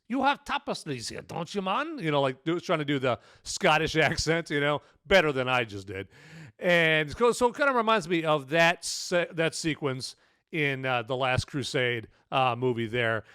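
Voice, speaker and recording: A man with a slightly raised voice talks his way through a casual review in a loose, rambling manner, full of fillers and check-ins with the listener. His voice is smooth and clear, recorded dry and close. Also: fairly high pitch, fairly bright tone, no room sound. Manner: rambling, many fillers and "okay?" tags. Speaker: podcast movie reviewer.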